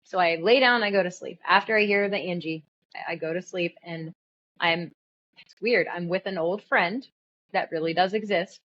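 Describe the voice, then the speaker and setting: A middle-aged woman giving an earnest, animated personal testimony, telling her story with bursts of alarm. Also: fairly low pitch, normal speed, dull audio, a little hiss or hum. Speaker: testimony speaker.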